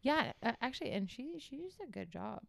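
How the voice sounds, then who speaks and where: A young woman co-hosting a podcast, chatting casually about a TV show, playful and jokey and quick to laugh. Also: fairly high pitch, sing-song, creaky, no room sound, studio quality. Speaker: podcast co-host. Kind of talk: casual chat reviewing a TV show.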